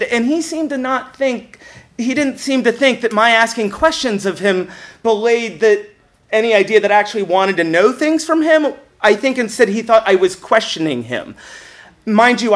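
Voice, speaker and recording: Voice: medium pitch, fairly bright tone. A speaker telling a comic personal story, self-mocking, laughing while telling and often stammering into restarts.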